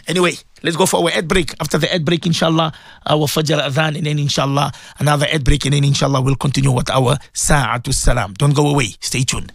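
A man's voice: fairly even intonation, fast talker, creaky, no echo, clean studio sound. A man hosting a live radio show, preaching emphatically and repeating his phrases. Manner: emphatic, repeats phrases, swings between low and high pitch. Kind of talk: impassioned live radio talk. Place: radio studio.

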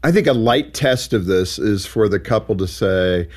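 A man hosting an interview, friendly and lively, laughing easily as he asks questions. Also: lowish voice, moderate pace. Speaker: radio show host. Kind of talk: interview conversation.

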